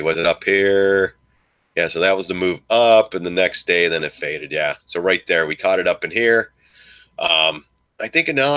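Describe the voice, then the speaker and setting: Bright-voiced excitable male stock streamer. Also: low-pitched. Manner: excitable, swears, jokey asides to viewers. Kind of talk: live market commentary.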